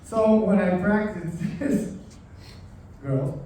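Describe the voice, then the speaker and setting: A man giving a memorial speech for his father, halting with pauses and restarts. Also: high-pitched, warm tone, slight background noise. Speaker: son giving a eulogy. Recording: echoey room from far off.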